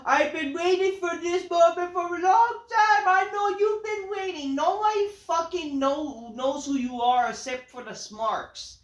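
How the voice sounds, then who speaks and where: A woman putting on a shouting, exaggerated voice to mock a bragging male wrestler. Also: very high-pitched, a little slow, few pauses, voice pushed up. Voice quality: shouty, exaggerated accent-mocking delivery. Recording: roomy echo.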